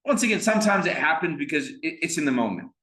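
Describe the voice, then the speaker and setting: A man's voice: a little high, lively intonation, pushed and bright. A man teaching a seminary class, explaining terms and checking that students follow. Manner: checks understanding often, recites verses quickly. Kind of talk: classroom lecture. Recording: echoey classroom.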